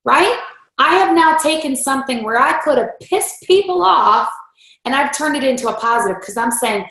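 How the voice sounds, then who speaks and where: A woman's voice: sits high, normal speed. A woman leading a team training, giving a motivational talk and acting out quoted voices along the way. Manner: animated, acts out voices in quotes. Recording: roomy echo.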